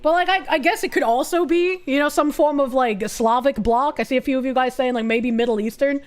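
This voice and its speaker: A woman's voice: high voice, fairly quick. A woman streaming live, reacting to news clips and talking to her chat in a blunt, profane way. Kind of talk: casual live-stream commentary.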